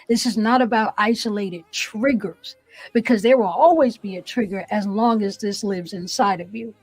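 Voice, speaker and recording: A woman's voice: mid-range voice, darkish tone, breathy edge, no echo, rough recording. Earnest woman preaching her own testimony. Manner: earnest, preacherly, repeats phrases for emphasis. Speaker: guest. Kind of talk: testimony interview. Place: small home room.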